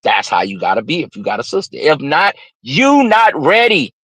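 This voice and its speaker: A man's voice: a little high, wildly swooping pitch, normal speed, husky, dry recording, poor audio. A man with a slightly nasal voice, hosting a livestream and ranting unscripted in a brash, preachy way. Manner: brash, preachy, swings from loud to muttered asides. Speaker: livestream host.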